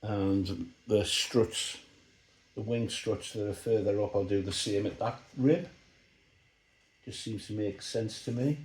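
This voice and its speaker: A man talking through a model build, relaxed and thinking aloud as he explains each step. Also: fairly low pitch, slow. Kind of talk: workshop build commentary. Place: hobby workshop bench. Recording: roomy workshop echo.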